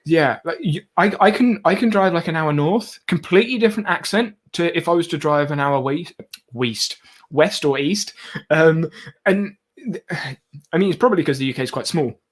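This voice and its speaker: A young English man from the southeast hosts a live stream in a loose, chatty way. His voice sits a little high for a man, and he laughs easily between points. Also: lively intonation, normal speed. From southeast England. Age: 20s. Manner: chatty, laughs often, quotes people. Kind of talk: casual live chat.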